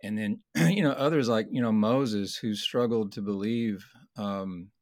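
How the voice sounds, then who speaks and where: A man teaching in a conversational Bible study discussion, earnest and explanatory, slowing down to stress key points. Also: fairly low pitch, no echo, clean studio sound.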